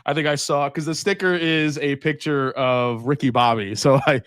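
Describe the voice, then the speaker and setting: A man's voice: on the high side, steady tone, normal speed, a bit bright, no room sound, clean studio sound. A man hosting a casual live stream, unboxing bottles and answering chat as he thinks aloud with fillers and restarts.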